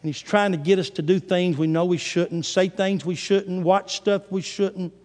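A man's voice: high-pitched, steady tone, normal speed, a little mellow. A male preacher giving a sermon, retelling scripture dramatically in a church sanctuary. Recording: long hall reverb.

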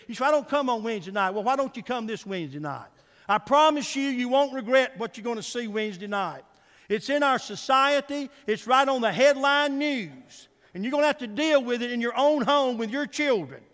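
A male pastor preaching a sermon, swinging from soft, low asides to loud, emphatic calls and asking the congregation for an "Amen.". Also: big-room sound. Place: church sanctuary.

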